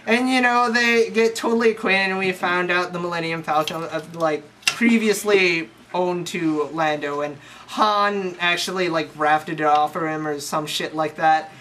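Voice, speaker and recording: A young storyteller rambles through a crude, slangy movie recap, scattering "like" everywhere. The voice sits at an ordinary middle pitch. Steady hiss runs under the home recording. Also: a little slow, hardly any pauses. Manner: slangy, profane, rambling with lots of "like". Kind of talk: casual comic movie recap.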